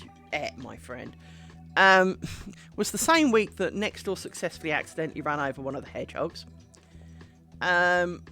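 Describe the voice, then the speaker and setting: A woman streamer telling a rambling, animated story in casual chat while she works on a craft. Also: on the low side.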